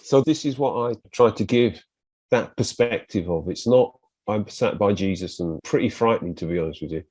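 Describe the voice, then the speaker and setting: A British man with a fairly low voice speaks at a normal speed, with no echo in the recording. He's a guest on a podcast, chatting casually and vividly retelling his own story in animated bursts, acting out what other people said.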